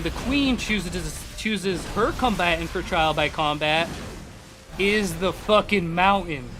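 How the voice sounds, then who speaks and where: A young man, a game streamer, rambling in excitable, profane casual chat at his home gaming setup on a desk microphone. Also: high voice.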